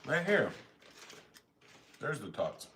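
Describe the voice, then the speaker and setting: This time his mid-range voice swoops wildly in pitch, comes slowly and sounds a bit bright over slight background noise. He's still chatting and rambling between bites on his home phone stream, mocking himself as he goes.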